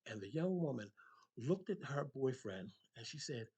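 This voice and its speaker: Husky, emphatic older man. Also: mid-range voice, big pitch swings, moderate pace, darkish tone. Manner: emphatic, preacherly, rising to passionate peaks. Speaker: motivational speaker. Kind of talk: impassioned motivational monologue.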